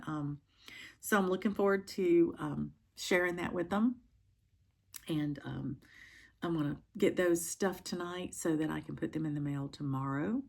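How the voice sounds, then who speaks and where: A middle-aged woman talks through her day in an easygoing, chatty way, pausing often with ums. Her voice sits a little low, with a gravelly, husky edge. It sounds like a relaxed home vlog. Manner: chatty, many ums and pauses. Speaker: cross-stitch vlogger. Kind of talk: casual chat to camera.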